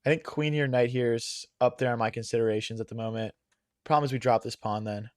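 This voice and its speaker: A young man streams chess and thinks aloud in a chatty way, calling his viewers "guys," in casual live-stream commentary. His medium-pitched, darkish voice is steady and fast, though strained and fading after long hours on stream. The recording is clean studio sound with no echo.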